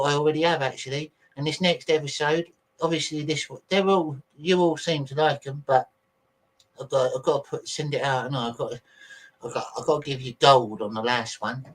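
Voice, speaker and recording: A man with a somewhat high voice hosts a laid-back livestream, swearing liberally and rambling chattily to his audience as he sorts through videos on his computer.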